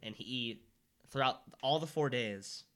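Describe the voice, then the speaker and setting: A man's voice: mid-range voice, a little slow, fairly bright tone. A young man co-hosting a podcast, chatting casually about sports with lots of fillers and restarts. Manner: rambling, filler-heavy, restarts. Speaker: podcast co-host.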